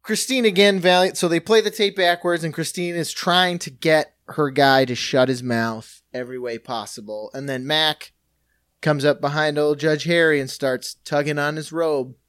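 A man's voice: on the high side, moderate pace, dry recording, studio quality. A man co-hosting a podcast, casually recapping a sitcom episode, acting out lines and laughing often. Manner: relaxed storyteller, acts out quotes, laughs often. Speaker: podcast co-host.

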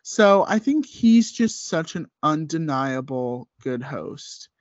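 A man co-hosts a podcast in easygoing chat, his voice sitting a little high for a man. He talks with eager enthusiasm and wanders through his points with plenty of fillers. The sound is dry and close, with no room around it. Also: very animated, takes it slowly, no echo. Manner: enthusiastic, rambling with many fillers. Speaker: podcast co-host. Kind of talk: casual chat. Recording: slightly muffled dry podcast audio.

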